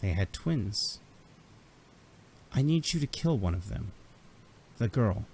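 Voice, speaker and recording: A man voicing a calm, commanding older male Imperial officer in a tabletop game, quiet and measured. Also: on the low side, a little hiss or hum.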